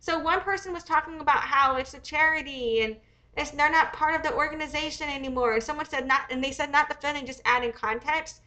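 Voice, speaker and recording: A woman's voice: sits high, fairly quick, sharp tone. A young American woman hosting a casual livestream, a bit sick, rambling and swearing as she thinks aloud. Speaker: livestream host.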